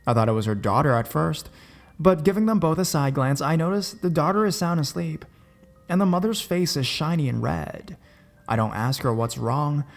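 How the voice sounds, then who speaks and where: A man giving a scripted first-person horror story narration in a measured, deliberate way. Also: a little high, expressive, creaky, faint music behind.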